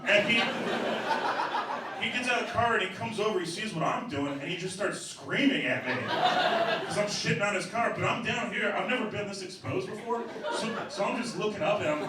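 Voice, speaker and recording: A young man doing stand-up, telling a long story loosely with many fillers, on stage before a crowd. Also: high voice. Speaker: stand-up comedian. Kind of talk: stand-up set. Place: comedy club stage before a laughing crowd. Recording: very echoey, noisy club from a distance.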